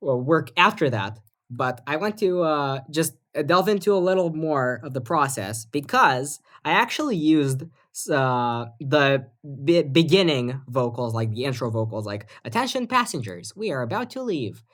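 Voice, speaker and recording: A woman's voice: extremely low pitch, expressive, measured pace, few pauses. A woman co-hosting a podcast in casual chat, rambling with lots of fillers and restarts. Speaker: podcast co-host and music producer.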